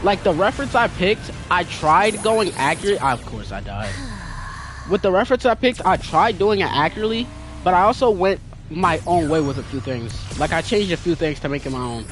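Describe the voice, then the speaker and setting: A man's voice: sits high, animated, a little fast, fairly bright tone, a little hiss or hum. A young man chatting casually with viewers while playing a game, in a slangy, talkative way. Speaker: gaming streamer. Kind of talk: casual gameplay commentary. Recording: game music playing behind.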